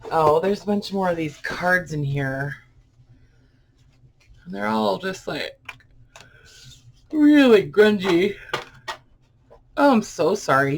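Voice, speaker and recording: A vlogger chatting casually and musing aloud in a soft, unhurried way while sorting through boxes at home. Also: mid-range voice. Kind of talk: casual unboxing chat. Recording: clear background noise.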